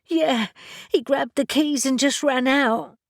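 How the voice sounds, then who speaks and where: A panicked young woman begs for help in a strained, high voice, as a woman narrator plays her. Her words come slowly and close to the mic, with no room around them. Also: no echo. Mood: anxious. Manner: high-pitched, pleading, breathless urgency. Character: frantic young woman, tearful and desperate.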